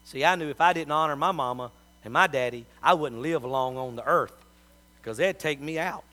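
Man, pastor, sermon, folksy storyteller, bright tone. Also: high-pitched.

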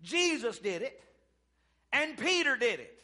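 A man preaching a sermon, swinging between loud exclamations and hushed, drawn-out storytelling. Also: very high voice, very animated.

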